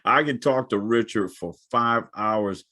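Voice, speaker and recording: A man's voice: fairly low pitch, measured pace, bright, forceful tone. A middle-aged man hosting a podcast interview, praising his guest effusively and calling him his friend. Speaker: podcast host.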